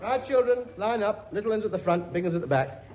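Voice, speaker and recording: A man's voice: high voice, lively intonation, fairly quick, soft background music. An actor playing a pompous, blustering king with a sarcastic, grumbling working-class manner in a 1950s radio comedy. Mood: exasperated. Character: blustering pompous male king, bossy and weary. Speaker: lead comic actor. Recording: dull old broadcast recording with audience laughter. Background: studio audience laughing.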